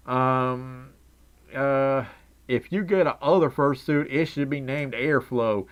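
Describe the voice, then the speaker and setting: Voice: medium pitch, slow, smooth. A young adult livestreamer chatting casually with viewers in a put-on Southern drawl, rambling and laughing often. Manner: giggly, rambling, frequent laughs. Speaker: livestreamer reading chat. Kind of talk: casual live stream chat.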